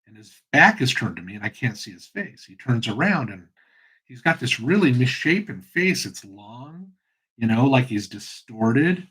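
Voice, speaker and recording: A man's voice: medium pitch, big pitch swings, normal speed, bright, forceful tone, slightly rough. A middle-aged man hosting his own channel, talking in a loose, rambling, conversational way. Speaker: channel host. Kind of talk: casual monologue.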